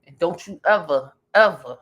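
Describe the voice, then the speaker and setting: A woman's voice: on the low side, animated, moderate pace, husky. A woman, co-hosting a casual chat show, talking heatedly and cutting in over her co-host. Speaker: podcast co-host.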